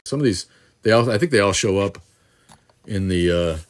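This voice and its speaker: A man's voice: lowish voice, lively intonation, moderate pace. A man hosting a casual livestream Q&A from an indoor room on a phone camera, rambling and joking crudely. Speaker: livestream host answering viewer questions. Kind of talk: casual live chat. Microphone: phone camera in selfie mode.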